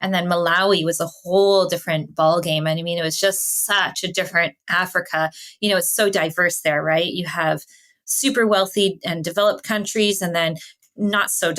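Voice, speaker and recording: Lively woman telling travel stories. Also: fairly low pitch, moderate pace. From Canada. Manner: animated storyteller, laughs often, acts out quotes. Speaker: podcast guest. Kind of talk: casual interview storytelling.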